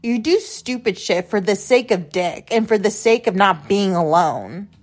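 A woman's voice: mid-range voice, lively intonation, a little slow. A young adult woman hosting a podcast, telling a personal story in a rambling, blunt, profane way, often repeating herself. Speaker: podcast host. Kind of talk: casual storytelling monologue.

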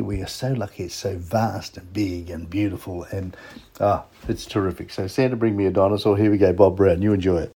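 Australian man, podcast host, mellow husky voice, eager and chatty, casual travel talk. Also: fairly low pitch. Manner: enthusiastic and chatty, often restarting phrases.

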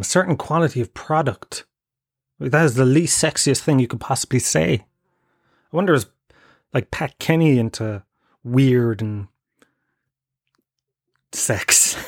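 A man's voice: mid-range voice, darkish tone, no echo, clean studio sound. A Kerry Irish man in his thirties, hosting a podcast with a rambling, sweary comic monologue. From Ireland (Tralee, Kerry). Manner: rambling, sweary, laughing at his own jokes. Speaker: podcast host.

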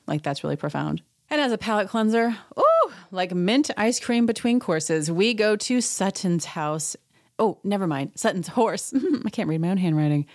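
A woman hosting a casual, chatty reality TV recap, sarcastic and acting out quoted lines in high voices. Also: lively intonation, normal speed, darkish tone, no echo, studio quality. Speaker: podcast host.

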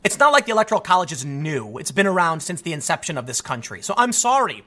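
A man's voice: fairly high pitch, sing-song, quick pace, hardly any pauses, pushed and bright. A man hosting a political commentary show, ranting in an exasperated, sarcastic way.

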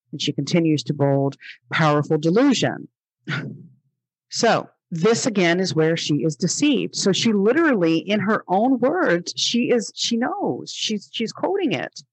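Husky-voiced woman, emphatic podcast host. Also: medium pitch, no echo. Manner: emphatic and exasperated, repeats phrases for stress; reads passages aloud and rebuts them. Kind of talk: religious commentary podcast.

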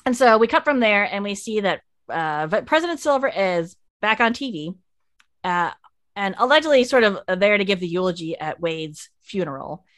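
A woman hosting a casual podcast, recapping a TV episode and acting out the characters' lines in an animated way. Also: mid-range voice, moderate pace, dry recording, studio quality. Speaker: podcast host.

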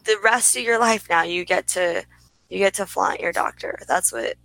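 A woman's voice: medium pitch, normal speed, gravelly, pushed and bright, no room sound. A woman filling in as co-host, talking emphatically and swearing casually. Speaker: guest co-host. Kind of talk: casual chat.

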